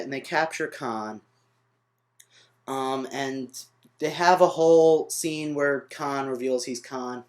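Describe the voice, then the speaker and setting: Rambling, ranting young man. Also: a little high. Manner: rambling, trails off on tangents, frustrated. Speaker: vlogger reviewing a film. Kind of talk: off-the-cuff vlog rant.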